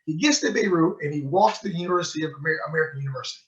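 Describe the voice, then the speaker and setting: Rapid-fire and a little high in pitch, a man portraying a sheikh gives a book club talk, animatedly narrating and bringing quoted dialogue to life. The storytelling lecture is heard on a muffled lo-fi recording.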